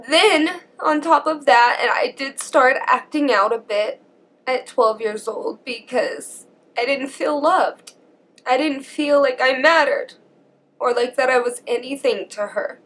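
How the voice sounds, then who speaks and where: A young woman talks to her camera in a slow, halting way, telling a painful story from her own life. Her voice sits a little high and stays shaky, often on the edge of tears. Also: a bit bright. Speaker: vlogger.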